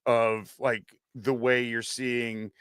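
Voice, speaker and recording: A man's voice: mid-range voice, little pitch movement, slow pace, fairly bright tone, clean tone, no room sound, studio quality. A man co-hosting a podcast, talking casually and enthusiastically, with crude jokes and swearing. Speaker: podcast co-host.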